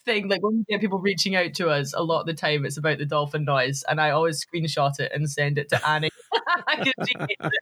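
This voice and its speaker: A woman's voice: sits low, lively intonation, brisk, fairly bright tone, husky. A woman, a podcast guest who laughs a lot and makes fun of herself. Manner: laughs often, self-deprecating. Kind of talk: casual chat.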